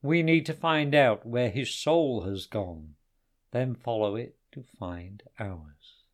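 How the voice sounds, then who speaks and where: A man voicing a calm, brave male ninja who speaks in a firm, measured way. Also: medium pitch, close to an everyday voice.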